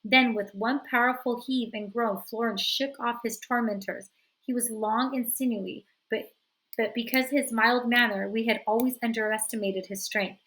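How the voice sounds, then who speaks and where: A woman teacher reads a novel aloud to her listeners in a steady, even narration. Her voice sits slightly high. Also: moderate pace, rough recording.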